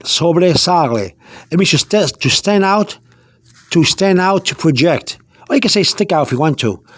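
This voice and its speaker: A man's voice: high-pitched, expressive, moderate pace, fairly bright tone, dry recording, clean studio sound. A man giving a casual spoken language lesson, repeating himself with many fillers and restarts. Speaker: language teacher.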